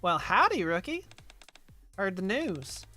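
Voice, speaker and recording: A man's voice: high-pitched, very animated, slow pace, bright, forceful tone, faint music behind, pitched above the performer's own voice, heavily acted. A man voicing a folksy female shopkeeper with a Southern accent, speaking in a drawling, teasing way. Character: folksy middle-aged woman shopkeeper.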